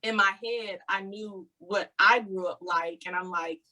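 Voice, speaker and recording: A woman's voice: mid-range voice, a little slow, bright, forceful tone, low-quality recording. A woman speaking in a reflective, conversational way on a casual chat panel about motherhood.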